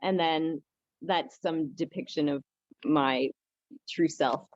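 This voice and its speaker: Woman, yoga workshop leader, calm, lightly humorous, very slow, muffled video-call sound. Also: sits low, no echo. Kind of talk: guided group workshop.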